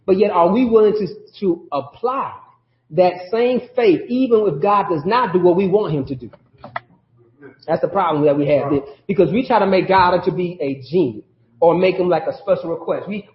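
High-voiced preacher in a roomy church. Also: male voice, slight background noise. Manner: conversational preaching with call-outs and laughter. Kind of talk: sermon. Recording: roomy, dull lo-fi sermon audio.

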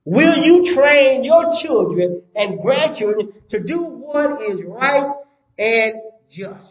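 A man's voice: very high-pitched, expressive, slow pace, echoey room, highs cut off. An older man preaching a sermon as pastor, emphatic, repeating his points and asking the congregation rhetorical questions.

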